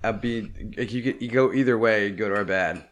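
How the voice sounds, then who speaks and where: A man co-hosting a podcast in casual movie chat, animated, acting out quotes and laughing a lot. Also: lowish voice, normal speed. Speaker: podcast co-host.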